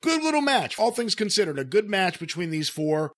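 A man's voice: high-pitched, fairly quick. A man co-hosting a casual podcast, reviewing old matches and reading out the show's plugs. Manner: relaxed, wraps up with plugs. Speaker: podcast co-host.

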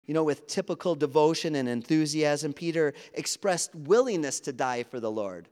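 A man's voice: fairly high pitch, moderate pace, few pauses, darkish tone. Earnest man preaching in a reverberant hall. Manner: earnest, conversational preaching with quoted dialogue. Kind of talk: sermon. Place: church sanctuary.

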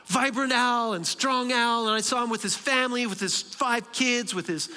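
A man preaching a sermon in a church, moving between soft, slow lines and emphatic bursts. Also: very high voice. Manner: dramatic pauses, shifting between soft and emphatic. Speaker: pastor. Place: large church sanctuary. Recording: long hall reverb.

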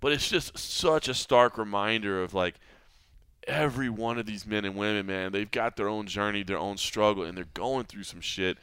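Earnest man with a bright, crisp voice. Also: fairly low pitch, normal speed, no room sound. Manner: earnest, reflective, lots of "man" and "you know". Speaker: podcast host. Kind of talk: casual podcast chat.

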